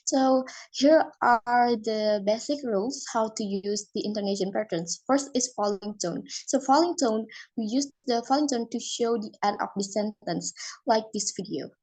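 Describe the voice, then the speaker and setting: A woman's voice: a little high, normal speed, a little mellow, low-quality recording. A woman teaching an English phonology lesson, explaining step by step with fillers and restarts.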